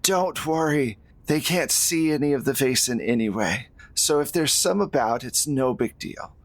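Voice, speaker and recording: A man's voice: medium pitch, lively intonation, moderate pace, close to an everyday voice. Man voicing a fussy rambling nun, chatty, hesitant fillers, tabletop game character. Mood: breezy.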